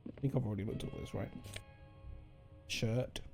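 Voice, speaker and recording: A man's voice: lowish voice, moderate pace, creaky, music in the background. A man streaming a video game, chatting casually and thinking aloud, rambling and correcting himself as he goes.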